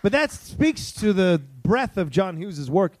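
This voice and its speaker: A middle-aged man co-hosting a casual podcast, animated and teasing, swearing freely. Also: high-pitched, measured pace. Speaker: podcast co-host. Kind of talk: casual movie-ranking chat.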